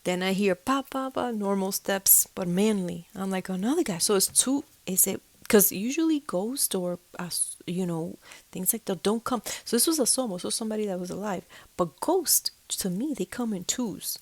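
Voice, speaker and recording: A woman telling a spooky personal story in a casual, animated way, acting out sounds and slipping into whispers when things get tense. The sound is dry and close, with no room around her voice. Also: mid-range voice, normal speed, dry recording. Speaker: storyteller of a ghostly experience.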